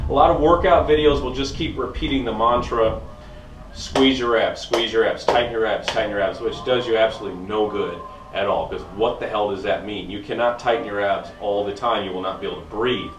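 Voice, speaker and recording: A middle-aged man, a fitness instructor, coaching viewers in an energetic, enthusiastic casual vlog at home, recorded on a camera mic. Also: on the low side, brisk, noisy background. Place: indoor room at home. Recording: echoey room, voice from a distance.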